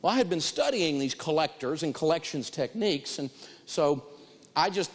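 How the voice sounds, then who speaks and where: A man's voice: on the high side, animated, normal speed. Man teaching in an echoing hall. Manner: emphatic, repeats key phrases, storytelling. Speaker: financial speaker teaching negotiation. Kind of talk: animated lecture with personal stories.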